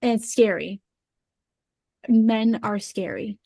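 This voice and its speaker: A woman in casual podcast chat, earnest and emotional, talking in halting bursts with fillers. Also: a little high, gravelly, warm tone, no room sound, studio quality.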